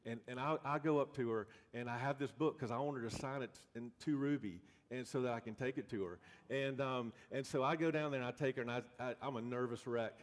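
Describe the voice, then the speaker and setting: A man pastor telling a story in a sermon, in an animated, folksy way with many restarts. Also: mid-range voice, brisk, hardly any pauses. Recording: long reverb of a church hall.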